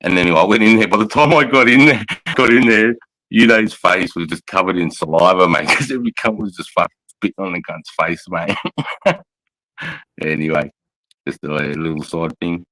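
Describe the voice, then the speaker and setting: A very deep-voiced Australian man talks loosely on a livestream, rambling through his stories and peppering every sentence with swearing and "mate". The sound is dry and close, with no room around him. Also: moderate pace, pushed and bright, no room sound, rough recording. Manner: rambling, heavily profane, says mate constantly. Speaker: livestream host and military veteran. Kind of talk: casual livestream chat. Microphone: phone.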